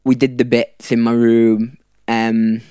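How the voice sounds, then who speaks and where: A man's voice: mid-range voice, level tone, takes it slowly, mellow, clean tone, no echo, studio quality. A young man from South Africa, a podcast guest telling a rambling story in casual chat. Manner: rambling, with fillers and laughs.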